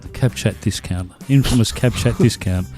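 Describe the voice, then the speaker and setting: Cabbie co-hosting a chat show. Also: male voice, on the low side, normal speed, darkish tone, faint music behind. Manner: chatty, reads announcements aloud. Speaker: podcast co-host. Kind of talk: casual chat.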